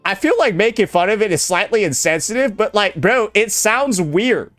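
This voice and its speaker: A man's voice: high-pitched, animated, normal speed, over music. A man making a blunt, profane gaming reaction video, incredulous and repeating "bro" constantly. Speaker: gaming YouTuber.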